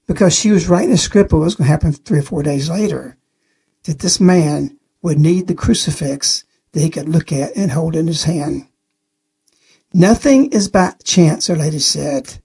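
A man's voice: fairly high pitch, moderate pace, gravelly, mellow, breathy edge. A man giving an earnest spoken testimony on a religious radio program, telling the story plainly and repeating key phrases.

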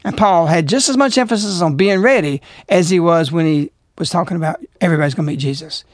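A man's voice: on the high side, fast, no room sound, studio quality. Emphatic preaching male radio host. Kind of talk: religious radio talk.

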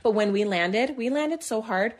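A woman's voice: on the high side, normal speed. A woman in her thirties co-hosting a casual chat show, telling a story with lots of acted-out quotes and frequent laughter. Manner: lively, acts out quotes, laughs often. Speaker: podcast co-host.

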